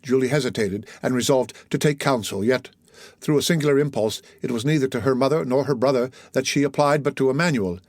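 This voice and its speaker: In a mid-range voice, a man narrates an audiobook of a classic novel with steady, measured storytelling. There's no room sound in the recording.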